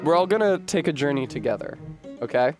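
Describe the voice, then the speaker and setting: While streaming a game over soft background music, a man with a Rhode Island accent chats casually, articulate and wordy, often poking fun at himself. His fairly high voice has a darkish tone and lively intonation, and he talks fairly quickly.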